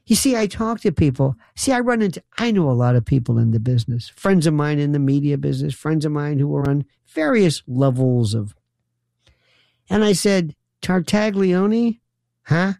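A man's voice: on the high side, lively intonation, normal speed, creaky, mellow, no echo, clean studio sound. A man hosting a late-night call-in radio show, talking in a wry, rambling, sarcastic way. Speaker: radio talk show host.

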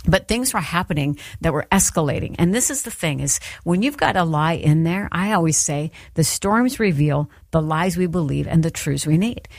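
Middle-aged woman preaching softly and earnestly, lowish voice, dry close sound. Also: expressive, dry recording. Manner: earnest, encouraging, pastoral, with soft emphatic pauses. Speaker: Christian speaker. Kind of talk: devotional talk to listeners.

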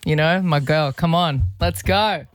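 A woman co-hosting a radio show, animated, teasing and giggly. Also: low voice, unhurried, dry recording. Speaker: radio co-host. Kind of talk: casual radio banter. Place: radio studio.

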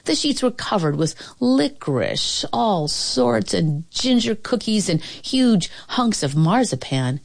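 A woman reading a children's storybook aloud in an expressive, playful way, slowing down for effect. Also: medium pitch, creaky.

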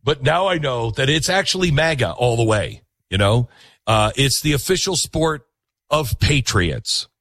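A man hosts his talk show with an opinionated, emphatic monologue and repeats his points for effect. His pitch swings widely. The sound is close and dry. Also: unhurried, no room sound. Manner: animated, emphatic, repeats himself.

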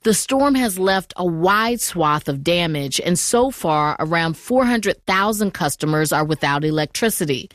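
A woman hosts a radio news program and introduces a report in an even, formal way. Her voice is a little low, and the studio is dry. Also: no echo. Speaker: radio show host. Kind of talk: news presenting.

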